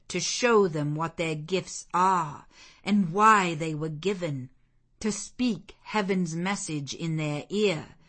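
A woman reading the part of a stern, zealous male missionary clergyman in a deep, relentless, commanding manner. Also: pushed and bright, full character voice. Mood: exhorting. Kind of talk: audiobook character voice.

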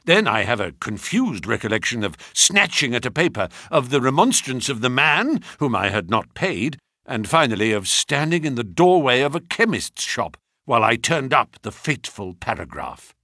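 An expressive man narrates a first-person story, and his pitch moves a lot as he reads. His voice is bright and edgy, with a husky grain. The recording is close and dry, with no room around it. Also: moderate pace, hardly any pauses, dry recording. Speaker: audiobook narrator.

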